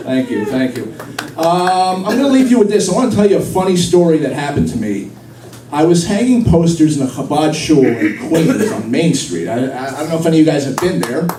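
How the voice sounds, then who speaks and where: A man's voice: a little high, lively intonation, a little fast, dark tone. A young man performing a rambling stand-up comedy set, with self-deprecating punchlines, at a live event with an audience. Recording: echoey hall recorded from far off with crowd noise.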